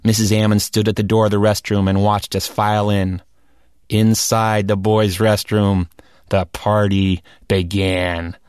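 A man telling a comic personal story in an animated, lively way. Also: lowish voice, unhurried, smooth, no room sound, studio quality. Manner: animated, comic, rising into shouts at wild moments.

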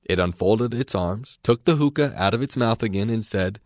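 A man reading a classic storybook aloud in a measured, expressive way. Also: deep voice, no echo, clean studio sound. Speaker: reader.

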